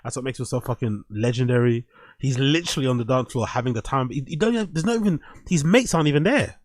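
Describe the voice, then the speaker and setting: Male host, mid-pitched, dry recording, blunt mocking clip commentary. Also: quick pace, no echo. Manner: blunt, heavy swearing, animated mocking. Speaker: show host. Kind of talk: casual commentary reacting to clips.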